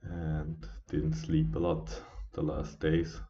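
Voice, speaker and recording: A tired man hosts a live trading stream in a very deep voice. He talks slowly and haltingly, with fillers and restarts. The audio is dull and lo-fi. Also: monotone, dark tone, slight background noise. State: sleepy, yawning. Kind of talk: casual live trading commentary.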